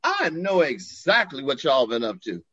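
A man's voice: medium pitch, sing-song, normal speed, fairly bright tone, breathy edge, no echo, muffled recording. A man voicing a flamboyant, commanding Southern gay man with a Southern accent, in a story he tells. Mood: sassy.

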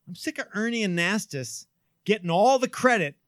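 A man hosting a casual talk radio show, an animated, swearing, rambling storyteller on a close studio mic. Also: high voice, moderate pace, dry recording.

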